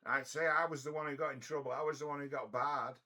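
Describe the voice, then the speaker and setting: A man's voice: a little high, steady tone, fast talker, pushed and bright. A middle-aged man tells a story in a blunt, profane, rambling way, often restarting his sentences. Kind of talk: casual storytelling monologue.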